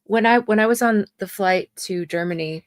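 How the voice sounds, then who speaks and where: A woman's voice: mid-range voice, normal speed, dry recording, clean studio sound. A woman co-hosting a podcast, chatting casually and telling rambling anecdotes. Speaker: podcast co-host. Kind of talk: casual chat.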